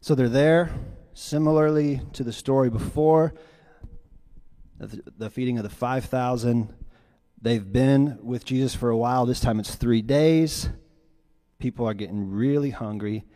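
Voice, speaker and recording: A man preaching a sermon as pastor, telling stories with lively swings between loud, quick lines and hushed, quiet ones. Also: mid-range voice. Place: church sanctuary. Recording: long hall reverb.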